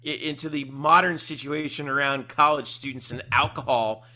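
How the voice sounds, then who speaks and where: A man's voice: medium pitch, steady tone, normal speed, pushed and bright. A man of about forty hosting a casual sports podcast, leading the talk and often repeating words as he starts. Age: around 40. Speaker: podcast host.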